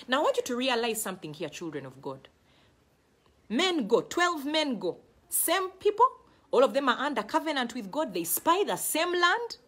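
A middle-aged Ugandan woman preaching a sermon with fervour, her voice husky and breathy. She sits a little high and swings up and down in lively, emphatic waves, often hammering a phrase twice.

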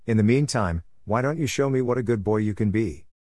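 A man doing a calm, commanding house manager. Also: fairly low pitch, fairly quick, no room sound, studio quality, lightly acted. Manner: controlled and authoritative.

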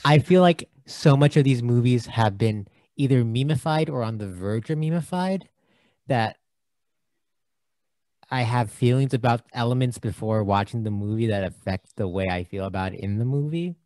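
Podcast co-host, male, lively sing-song delivery, playful and stumbling, dry close sound. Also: medium pitch, moderate pace, dry recording. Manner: animated, jokey, trips over words. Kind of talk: casual movie discussion.

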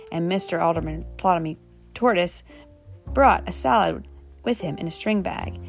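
A woman reading a children's storybook aloud, gently, turning now and then to talk to the children. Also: fairly low pitch, vocal fry. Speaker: storybook reader.

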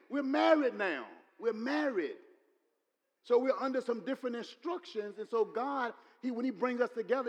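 High-voiced preacher in a reverberant hall. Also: male voice, muffled recording. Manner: repetitive, building to loud exclamations. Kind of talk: sermon.

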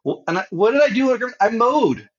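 A man's voice: very high-pitched, very animated, normal speed. A man in casual podcast chat who hesitates and restarts often, thinking aloud. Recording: dull lo-fi sound.

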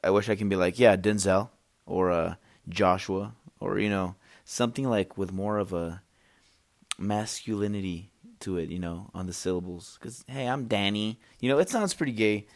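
A young man hosts a solo casual podcast, rambling and joking with plenty of fillers and restarts. His low-pitched voice is creaky and moves at normal speed, recorded on a podcast microphone.

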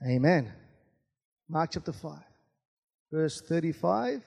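A man's voice: a little high, expressive, slow pace, creaky, darkish tone, husky. A man preaching a sermon as pastor, punctuating his points with calls of amen and hallelujah. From Australia. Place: large church hall. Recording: long hall reverb.

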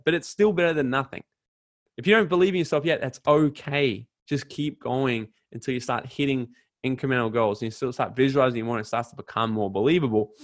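A man in his twenties with an Australian accent, a podcast guest giving an emphatic, energetic motivational talk with casual swearing. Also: medium pitch, brisk, no echo. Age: 20s.

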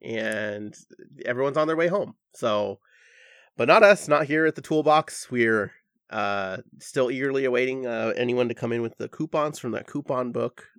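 A man's voice: medium pitch, moderate pace, a bit bright, dry recording, studio quality. A man doing an improvised comedy sketch as a store worker, rambling and hesitant with frequent restarts.

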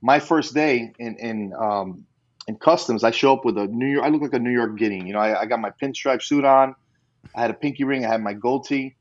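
Middle-aged man, chatty storyteller, laughing asides, muffled lo-fi sound, average pitch. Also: brisk. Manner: chatty, peppered with "you know", laughing asides. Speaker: former customs undercover agent. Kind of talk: casual storytelling interview. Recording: slightly dull lo-fi audio.

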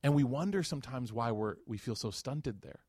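A man's voice: medium pitch, a little fast, breathy edge, dry recording, studio quality. A man giving a casual religious lecture, telling a story and acting out the dialogue with slangy asides. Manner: animated, acts out quoted dialogue.

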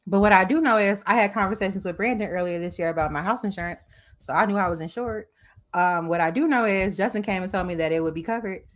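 A woman co-hosting a casual group chat, telling candid personal stories in an animated way. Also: mid-range voice, quick pace.

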